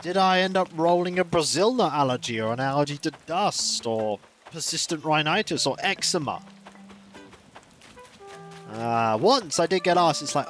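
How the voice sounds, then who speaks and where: Male streamer, casual rambling chat over gameplay, high voice with a lively, swooping delivery. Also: normal speed, soft background music. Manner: rambling, animated storytelling. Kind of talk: casual chat while gaming.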